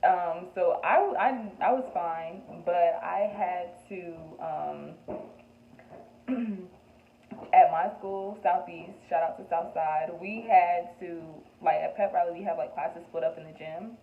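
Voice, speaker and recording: Young woman vlogging, chatty and candid, kinda low voice, sounds like a tinny phone line in an echoey room. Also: slow pace. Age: young adult. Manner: chatty and candid, laughs often, fillers like "like" and "um". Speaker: vlogger answering get-to-know-me questions. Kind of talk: casual chat.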